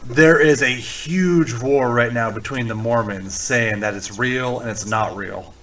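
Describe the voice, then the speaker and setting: A man's voice: medium pitch, a little slow, fairly bright tone, recorded from a distance, slight background noise, rough recording. A man co-hosting a podcast, dropping dry, teasing quips. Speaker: podcast co-host. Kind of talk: casual chat.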